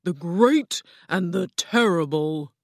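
A woman reading a storybook aloud, voicing Oz, a grand and commanding female ruler, with slow, drawn-out, imperious delivery. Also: fairly low pitch, expressive, no echo, clean studio sound, exaggerated voice.

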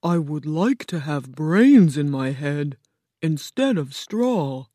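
A woman's voice: low-pitched, very animated, takes it slowly, mellow, dry recording, clean studio sound, heavily acted. A woman reading a storybook aloud, voicing a humble male scarecrow stuffed with straw in an earnest, slightly timid way.

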